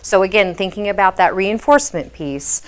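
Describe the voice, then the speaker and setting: A woman's voice: medium pitch, normal speed. Woman behavior specialist, instructional talk for parents, patient and explanatory. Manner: patient, explanatory, frequent "um" fillers.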